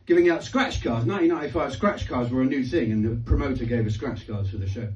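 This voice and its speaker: A man in his fifties doing a live stand-up comedy set, telling animated stories with heavy swearing and bursts of shouted impressions. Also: mid-range voice, fast talker. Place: live comedy venue with audience. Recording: roomy, distant, dull live-club sound with loud crowd laughter.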